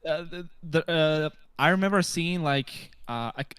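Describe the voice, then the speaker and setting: A man in casual podcast chat, excitable and animated, quick to laugh. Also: fairly high pitch, smooth, no room sound.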